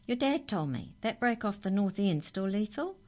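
A woman's voice: mid-range voice, very animated, normal speed, a little mellow, voice pushed up, close to an everyday voice. A woman voicing a friendly adult man who makes casual small talk in a children's story.

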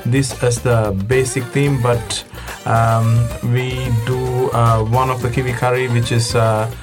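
A man who runs a restaurant, speaking as a guest in a casual interview, pausing often with fillers. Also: medium pitch, level tone, music in the background. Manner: hesitant, full of fillers.

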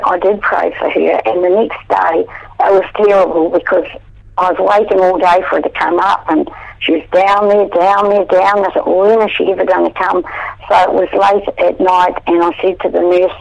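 Gravelly-voiced woman in her eighties. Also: lowish voice, normal speed, lo-fi sound. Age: 80s. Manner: animated, loud when acting out her own past words. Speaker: interview guest. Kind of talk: conversational storytelling.

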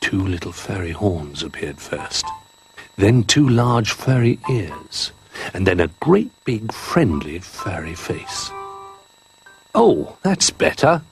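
A man narrating a children's storybook in an expressive, gently paced reading. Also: deep voice, takes it slowly, faint music behind.

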